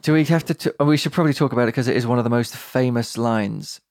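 A man's voice: mid-range voice, fast talker, darkish tone, dry recording, clean studio sound. A man co-hosting a podcast, chatting playfully and mock-sternly. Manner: playful, mock-stern, quotes lines in put-on voices. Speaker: podcast co-host. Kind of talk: casual banter.

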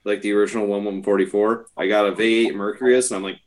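A man's voice: fairly low pitch, flat delivery, fast. A man chatting casually, telling self-mocking stories about his hobby. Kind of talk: casual chat.

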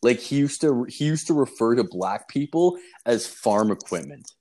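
A man's voice: medium pitch, animated, normal speed, dark tone. A man telling a rambling, profane story in casual chat, filling it with "like" and "dude".

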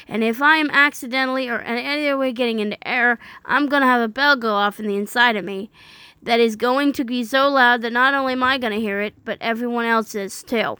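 Woman reading a critique out loud then ranting about it, kinda high voice, super dry sound. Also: clear, resonant tone, dry recording. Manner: indignant, incredulous asides; halting reading with restarts. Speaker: religious commentator. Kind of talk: reading aloud and commenting.

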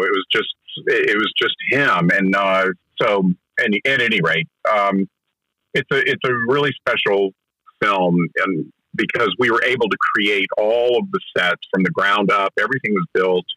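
A man with a bright, forceful voice tells behind-the-scenes stories in an interview. He talks eagerly and keeps restarting his sentences as he goes. The sound is close and dry. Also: fairly low pitch, normal speed, no room sound, low-quality recording. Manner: enthusiastic storyteller with frequent restarts. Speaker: film director recounting a production. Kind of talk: conversational interview anecdote.

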